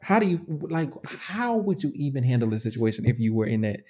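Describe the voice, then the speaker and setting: A woman co-hosting a podcast, chatting casually and telling stories in a loud, profane, laughing way. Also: very deep voice, fairly quick, breathy edge. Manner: animated, profane, laughing storyteller. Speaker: podcast co-host. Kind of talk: casual chat.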